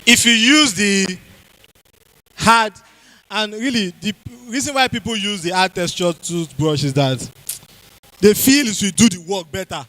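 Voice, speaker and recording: A man's voice: high-pitched, a little slow, pushed and bright, rough recording. A man with a Nigerian accent giving a health talk to a church congregation, quizzing the audience and repeating key phrases. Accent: Nigerian English.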